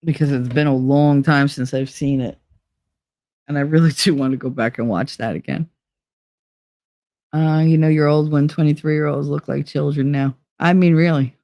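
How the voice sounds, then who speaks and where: A middle-aged livestream host with a deep, mellow voice speaks in a steady tone at a moderate pace. She talks frankly and profanely in a casual way, laughs frequently and performs the voices of those she quotes. Clean studio sound with no echo.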